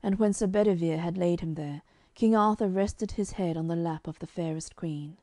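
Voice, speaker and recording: Woman audiobook narrator, lowish mellow voice, calm measured storybook read. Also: no room sound, studio quality.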